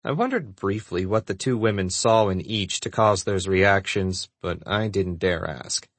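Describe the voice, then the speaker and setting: Man, low voice, husky texture, first-person romance narration, dry studio sound. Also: lively intonation, unhurried, fairly bright tone, no echo. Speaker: audiobook narrator.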